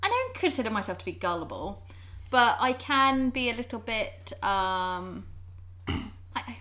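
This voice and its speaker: Giggly woman with a fairly high voice. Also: big pitch swings, a little slow, sharp tone. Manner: giggly, self-deprecating. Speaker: podcast co-host guessing. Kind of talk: casual chat.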